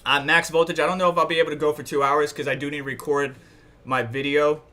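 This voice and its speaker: A man's voice: a little high, level tone, fast talker, pushed and bright. A man from New York hosting a casual livestream, rambling and thinking aloud while he browses charts and checks chat. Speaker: livestream host.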